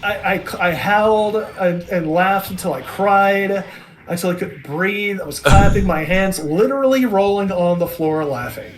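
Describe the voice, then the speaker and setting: Excitable man rambling with high pitch. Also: a little slow. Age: 30s. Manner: enthusiastic, rambling with restarts. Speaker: podcast co-host. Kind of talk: casual chat.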